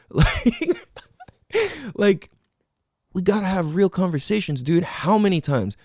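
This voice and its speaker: Animated, profane young man podcasting. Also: high voice, takes it slowly, slightly rough, dry recording, clean studio sound. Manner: animated, profane, slangy, acts out quotes of friends. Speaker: podcast host. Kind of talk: casual solo podcast monologue.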